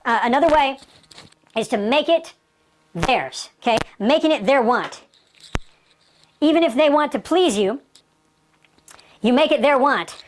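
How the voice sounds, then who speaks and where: A woman's voice: high voice, lively intonation, a little slow, pauses often, slight background noise. A woman teaching sales technique in an emphatic, repetitive lecture style, often checking in with "okay?". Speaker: sales trainer.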